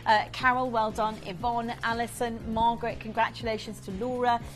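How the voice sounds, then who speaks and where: A woman hosts a live televised jewellery auction, her fairly high voice full of breathless enthusiasm as she praises the gems and rattles off the names of bidders. Soft music plays beneath her in the studio. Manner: rapid excited sales patter, gushing over gems; reels off bidder names and congratulations. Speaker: shopping channel presenter.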